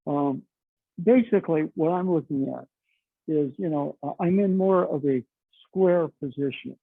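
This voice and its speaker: A man's voice: on the high side, measured pace, vocal fry, breathy edge, no room sound. A middle-aged man teaching a martial arts class, explaining chattily with lots of "okay" and "you know.". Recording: dry, tinny phone-like sound.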